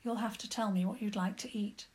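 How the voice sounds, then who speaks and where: A woman's voice: mid-range voice, steady tone, a little fast, darkish tone, natural voice. A woman voicing a caring mother who speaks kindly and practically in a children's story.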